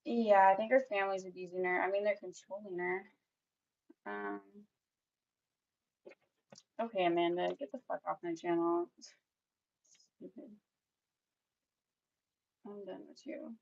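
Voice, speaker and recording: A woman's voice: medium pitch, steady tone, moderate pace, vocal fry, pauses often, a little mellow, muffled recording. A young woman doing a tarot reading for her viewers, speaking bluntly and swearing freely with lots of "like" fillers. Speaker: tarot reader.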